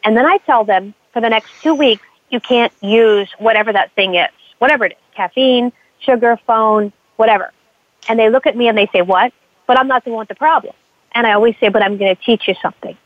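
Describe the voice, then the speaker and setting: A woman's voice: fairly high pitch, a little fast, no room sound. A woman counselor telling stories with animation, acting out the voices of the people she works with. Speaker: addiction counselor. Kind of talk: conversational interview talk. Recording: tinny phone-like line, dry.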